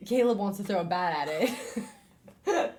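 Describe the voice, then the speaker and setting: A woman's voice: mid-range voice, lively intonation, unhurried, a little mellow, slight background noise. A woman co-hosting a casual book club stream, chatty and laughing often as she recaps the plot. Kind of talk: casual chat. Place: home.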